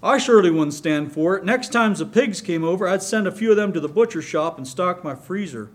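A man voicing a brash, quick-tempered young man who talks emphatically and boastfully. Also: high-pitched, animated, voice pushed up.

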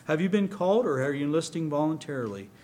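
A man's voice: a little high, lively intonation, quick pace, a little mellow, slight background noise, lightly acted. A man voicing a curt, businesslike officer. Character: brisk, businesslike male recruiting officer.

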